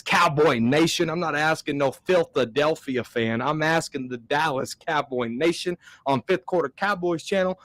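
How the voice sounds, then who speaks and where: A man hosting a live-stream sports talk show, talking with animated energy and reading viewer comments aloud. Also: fairly high pitch, no room sound.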